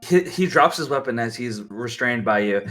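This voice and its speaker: A man narrating as game master in a tabletop game, often halting and restarting his sentences. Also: mid-range voice, lively intonation, fairly bright tone, faint music behind. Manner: halting, filler-heavy narration.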